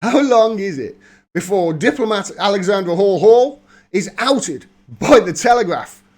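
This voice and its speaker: A man's voice: high voice, expressive, unhurried, darkish tone. Mocking man reading news aloud. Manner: mocking, laughs often, reads then riffs. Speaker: political commentary livestreamer.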